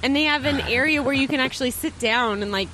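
A woman's voice: high-pitched, quick pace, pushed and bright, a little hiss or hum. A woman co-hosting a podcast in casual chat, upbeat and chatty with frequent laughs, recorded at a drive-thru and on an outdoor restaurant patio. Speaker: podcast co-host.

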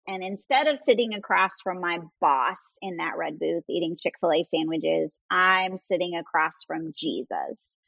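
A woman's voice: mid-range voice, a bit bright, no room sound, highs cut off. A woman author as a guest, telling a faith story earnestly and acting out quoted voices. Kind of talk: faith-based interview storytelling.

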